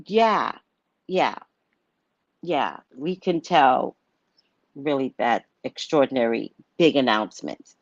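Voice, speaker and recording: A woman's voice: rumbling low, lively intonation, slow pace, long pauses, no echo, highs cut off. Blunt, cursing woman hosting a psychic show. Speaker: psychic host of a live show. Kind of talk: casual livestream monologue.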